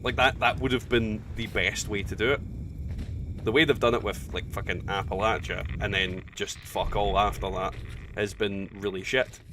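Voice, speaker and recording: Male streamer, blunt, profane banter, set back from the mic with loud game noise underneath. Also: fairly low pitch, steady tone, normal speed, distant mic. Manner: chatty, blunt and profane, reading chat aloud. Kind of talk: casual live-stream chat while gaming.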